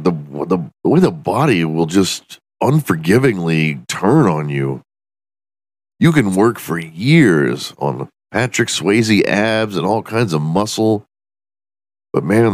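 A man's voice: fairly low pitch, no room sound. A man hosting a podcast alone in his room, delivering a profane, self-mocking comedic rant. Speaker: podcast host.

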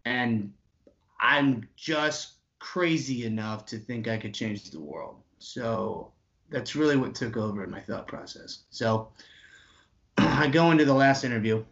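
A man in his twenties telling an animated story, swearing freely and acting out the other people's lines. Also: mid-range voice, a little slow, muffled recording.

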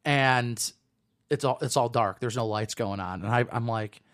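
A man in his early thirties chats on a podcast, animated and profane as he tells a story. His voice sits at an ordinary middle pitch. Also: measured pace, clear, resonant tone. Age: 30s. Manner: animated storytelling, swearing freely. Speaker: podcast co-host. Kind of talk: casual podcast chat.

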